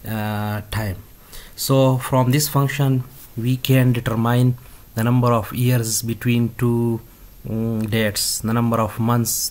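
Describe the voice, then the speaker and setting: A man teaching a database tutorial step by step, halting often with fillers and restarts. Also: medium pitch. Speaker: instructor. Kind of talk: screen-recorded coding tutorial.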